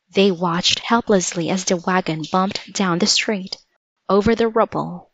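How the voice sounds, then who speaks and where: Slow, even woman storybook reader. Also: medium pitch. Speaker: narrator. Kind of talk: storybook read-aloud. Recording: dull lo-fi dry recording.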